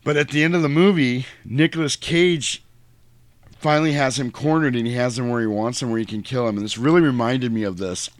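A man in casual movie chat, telling scenes crudely and lively, sometimes jumping into shrill mock voices. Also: a little fast, no echo.

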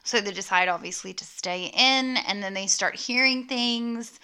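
Young woman, bright crisp voice, chatty movie recap, filler-heavy, swears casually. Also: medium pitch, a little slow. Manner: chatty, lots of ums and likes, swears freely; talks straight to her viewers. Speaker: vlogger recapping a horror movie.

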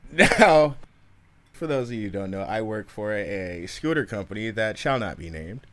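A man's voice: lowish voice, animated, moderate pace, a bit bright. A man telling a story in a casual podcast chat, laid-back, laughing often, with frequent fillers.

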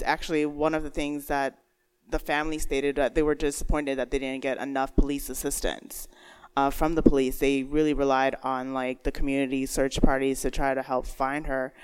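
A woman's voice: sits low, darkish tone, smooth. A woman co-hosting a true crime podcast, chiming in with brief agreeing replies and giggling now and then, then telling part of the case herself. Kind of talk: casual chat.

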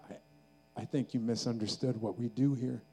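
Preacher playing a quiet sorry pharmacist, dark and mellow. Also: male voice, mid-range voice, steady tone, moderate pace, husky. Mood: apologetic. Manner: apologetic, soft. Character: gentle adult male pharmacist.

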